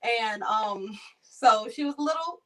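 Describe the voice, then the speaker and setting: A woman's voice: fairly high pitch, slow pace, far from the mic, a crowd in the background, rough recording. A young woman from Maryland, a caregiver, telling her stories in a casual interview and acting out the people in them. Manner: animated, acts out voices in her stories.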